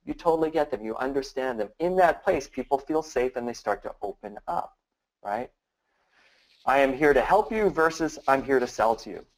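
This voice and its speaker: A man's voice: mid-range voice, low-quality recording. A man giving a casual training talk on prospecting, acting out sample questions in a shifting, curious tone. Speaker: business trainer.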